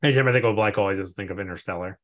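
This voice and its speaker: A man co-hosting a podcast, recapping a TV episode in casual chat and acting out scenes in a jokey, animated way. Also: fairly low pitch, rapid-fire. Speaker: podcast co-host.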